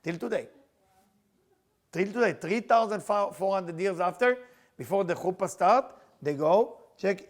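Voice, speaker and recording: Middle-aged man, teacher, emphatic storyteller, high male voice. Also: moderate pace. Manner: animated, emphatic, non-native grammar. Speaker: Kabbalah teacher. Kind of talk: storytelling lesson.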